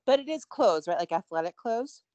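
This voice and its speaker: A woman's voice: fairly high pitch, animated, a little fast, dark tone, no echo. A woman co-hosting a podcast in casual chat, rambling and self-deprecating with frequent giggles. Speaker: podcast co-host.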